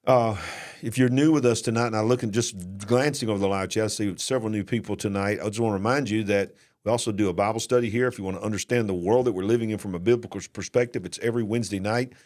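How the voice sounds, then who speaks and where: A man's voice: fairly low pitch, fairly even intonation, fast, few pauses, darkish tone. Folksy Southern man hosting a live stream. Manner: folksy, emphatic, repeats himself. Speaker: co-host of a live-stream show.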